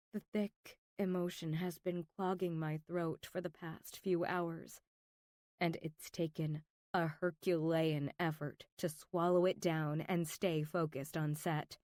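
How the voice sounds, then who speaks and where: A woman's voice: on the low side, a little mellow, no room sound. A woman narrates a romance audiobook in the first person, taking her time over every line. Her delivery is intimate and emotional, slipping into whispers. The recording is close and dry, with no room around her.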